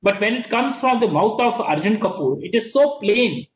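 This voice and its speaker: A man's voice: high voice, expressive, moderate pace. A man with an Indian accent teaching an online class, mixing Hindi and English and repeating his words. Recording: echoey room.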